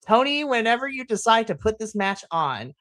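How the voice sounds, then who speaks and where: Gushing, animated woman podcast host. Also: on the high side, normal speed, no echo. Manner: animated and gushing, laughing often. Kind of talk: casual chat.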